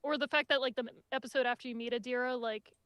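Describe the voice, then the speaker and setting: A woman leads a casual review chat, talking quickly in a high voice and tumbling through her thoughts with lots of "like." Her sound is dry and close, from a home mic on a video call. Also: smooth, dry recording. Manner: excitable, chatty, lots of "like". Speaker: podcast host.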